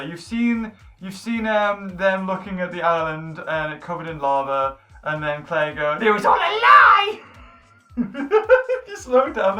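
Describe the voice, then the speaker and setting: Man, host, casual movie review, excitable, stumbling speech, distant mic, roomy echo, faint music behind. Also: high-pitched. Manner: excitable, stumbling over words. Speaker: channel host. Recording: echoey room, mic at a distance.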